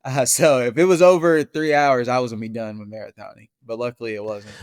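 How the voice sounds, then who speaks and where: A man's voice: medium pitch, fast, clear, resonant tone, dry recording, clean studio sound. A man, a marathon runner, chatting casually as a podcast guest and telling stories with easy laughs. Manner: relaxed storyteller, laughs easily. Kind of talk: casual interview chat.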